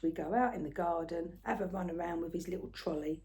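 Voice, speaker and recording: An older woman, telling a rambling everyday story in a casual, chatty way, often soft and murmured. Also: on the low side, fairly quick, hardly any pauses. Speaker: craft vlogger.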